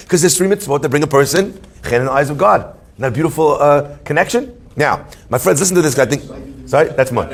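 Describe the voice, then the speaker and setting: Animated rabbi with a higher voice. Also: male voice, fast. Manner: animated, joking storyteller who asks questions. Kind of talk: Torah class before a live audience.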